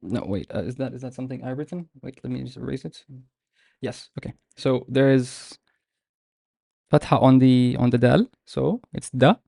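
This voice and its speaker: A man teaching a live online class, explaining patiently and step by step with many pauses. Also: medium pitch, gravelly, mellow, no room sound, clean studio sound. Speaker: Arabic teacher.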